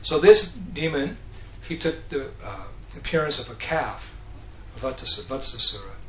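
A man giving a devotional talk, telling scripture stories in a lively way and acting out the characters. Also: medium pitch, a little slow, slight background noise. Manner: animated, acts out characters, laughs often. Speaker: speaker. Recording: echoey room with faint ambience.

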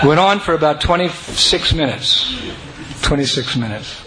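A man telling a personal devotional story to an audience, animated and breaking into chanting and joyful shouts. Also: fairly high pitch, normal speed. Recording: noisy recording.

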